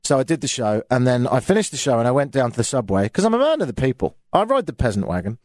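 A man's voice: medium pitch, very animated, quick pace, a little mellow, no room sound. A man with a British accent hosting a talk radio show, chatting in a casual, self-mocking, grumbling way into a studio microphone.

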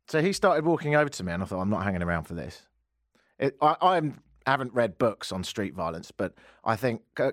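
In a radio studio, a man hosts a live talk show and tells a comic, self-mocking story, jumping between loud and hushed. His voice is fairly high, and the recording is dry and studio-quality.

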